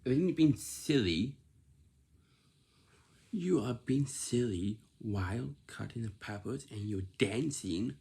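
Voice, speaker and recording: Slow, gravelly man lecturing. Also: medium pitch, lively intonation, mellow. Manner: repetitive, lecturing, frequent "right?" checks. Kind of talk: instructional talk.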